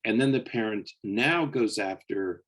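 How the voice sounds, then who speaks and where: A man with a low, husky voice talks through parenting advice on a podcast. He explains things patiently and keeps checking in with "okay?" in a calm, conversational way. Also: measured pace. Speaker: psychologist podcast co-host.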